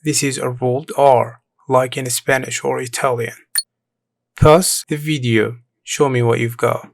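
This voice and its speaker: A man's voice: mid-range voice, steady tone, creaky, dry recording. A man teaching a beginner language lesson, repeating each word and praising the learner between drills. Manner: encouraging, repeats each word slowly for practice. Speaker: Arabic teacher.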